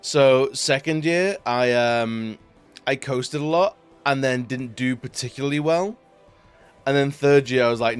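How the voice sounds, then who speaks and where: A man's voice: medium pitch, unhurried, smooth, faint music behind. Rambling young man streaming. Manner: rambling, laughs often. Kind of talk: casual chat.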